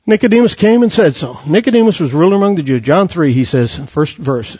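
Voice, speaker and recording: A man delivers a fiery sermon in a high, husky voice that leaps around in pitch. He quotes scripture and presses his listeners with rhetorical questions. The recording is dull and lo-fi. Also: expressive, fairly quick, hardly any pauses, warm tone. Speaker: preacher.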